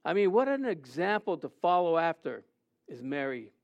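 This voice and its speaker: A man preaching a sermon, animated and conversational, often acting out quotes in a raised voice. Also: a little high, moderate pace. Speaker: pastor. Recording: dull lo-fi sound.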